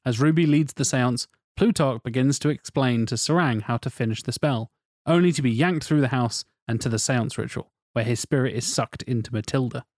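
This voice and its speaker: A man co-hosting a casual podcast, narrating plot and tossing in quick quips. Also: medium pitch, darkish tone, no echo, clean studio sound. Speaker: podcast co-host. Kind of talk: casual chat, reading out a film pitch.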